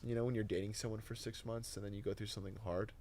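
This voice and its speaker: A young man, a podcast guest, telling a personal testimony in casual, animated, emotional conversation full of "like" and "dude". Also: fairly low pitch, very fast, slight background noise.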